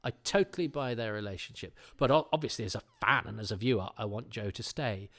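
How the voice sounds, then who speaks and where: The middle-aged English host of a podcast talks quickly, with a fairly low, slightly bright voice and lively intonation. His casual conversation rambles along, full of fillers, interruptions of himself, and restarts.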